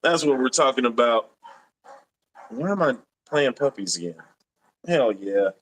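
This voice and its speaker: A man's voice: medium pitch, lively intonation, a little slow. A young man hosting a casual live stream, reading viewer comments aloud with a laid-back, laughing manner.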